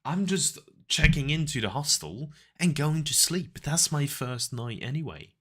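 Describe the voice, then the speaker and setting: A man's voice: a little high, lively intonation, a little slow, pushed and bright, breathy edge. A man streaming and chatting casually with viewers, rambling through stories and laughing often.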